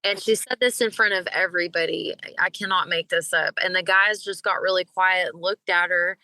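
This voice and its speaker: A woman, a singer and podcast guest, telling stories in a casual, animated way and acting out the people she quotes. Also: on the low side, a little fast, no room sound, low-quality recording. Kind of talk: casual storytelling in an interview.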